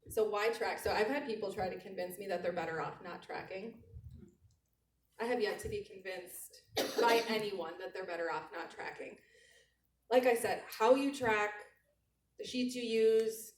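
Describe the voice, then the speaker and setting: A woman's voice: medium pitch, a little hiss or hum. Woman coaching a room, handheld mic. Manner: animated, repeats key phrases slowly. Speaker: sales trainer. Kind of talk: motivational talk to a live audience. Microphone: handheld mic held away from mouth. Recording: roomy, distant handheld mic.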